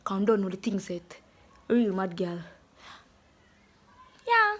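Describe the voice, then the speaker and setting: A woman's voice: mid-range voice, moderate pace. A young woman with a Jamaican accent, chatting playfully to camera in a casual vlog and slipping into patois. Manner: playful, animated, slips into patois. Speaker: vlogger.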